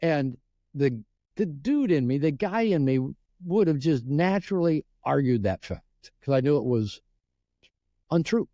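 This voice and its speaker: A man speaks as a podcast guest, earnest and explanatory. His voice is warm and mellow, with lively swings of pitch as he acts out bits of dialogue. The sound is dry and a little dull. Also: unhurried, dry recording. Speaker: podcast guest, relationship author. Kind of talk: podcast interview storytelling.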